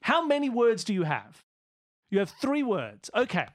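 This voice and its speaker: A man playing a tabletop game guesses aloud at charades clues. His pitch swings widely, and he flips between muttering and loud, exasperated commands. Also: huge pitch swings, moderate pace. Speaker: player.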